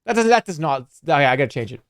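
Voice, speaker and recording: Lively male streamer reading game text. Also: fairly high pitch, very fast, no room sound, studio quality. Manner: lively, playful and expressive.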